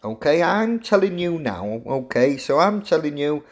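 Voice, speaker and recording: A man's voice: fairly high pitch, very animated, unhurried, hardly any pauses. A middle-aged man, a university professor giving a jokey, teasing lecture to his students. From England.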